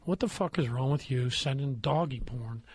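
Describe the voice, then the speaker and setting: A man's voice: medium pitch, moderate pace, husky. A man hosting a podcast, telling a crude story with plenty of laughter in casual chat. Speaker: podcast host.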